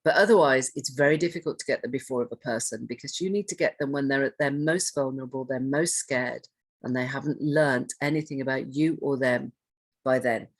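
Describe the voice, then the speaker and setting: Husky low-voiced woman presenting. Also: brisk. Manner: conversational, asks the audience questions, restarts phrases. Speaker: trainer on hoarding and self-neglect. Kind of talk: training presentation.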